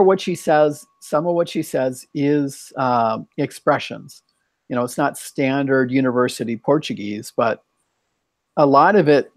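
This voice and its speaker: A man's voice: fairly high pitch, no echo. Rambling, chatty man hosting. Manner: rambling, thinks aloud. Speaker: host. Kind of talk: casual bilingual chat.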